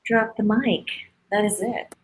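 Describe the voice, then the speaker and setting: A woman's voice: mid-range voice, steady tone, unhurried, poor audio. A woman hosting a casual interview, gushing and effusive as she talks. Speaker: host.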